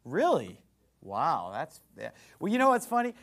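A man's voice: a little high, huge pitch swings, a little slow, fairly bright tone. A man preaching a sermon as pastor, fiery and emphatic, mocking what he thinks is foolish doctrine.

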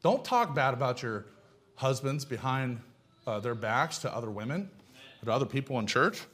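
A man's voice: mid-range voice, animated, normal speed, fairly bright tone. A man preaching a sermon in a blunt, folksy way, firing off rhetorical questions. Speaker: pastor.

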